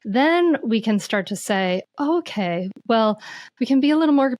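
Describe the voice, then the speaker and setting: Lady guest on a podcast talking parenting, lively and searching, restarts a lot, pretty dry mic sound. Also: a little high, measured pace, no echo. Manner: animated, searching storyteller with many restarts. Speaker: guest, mindful parenting teacher. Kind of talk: conversational podcast interview.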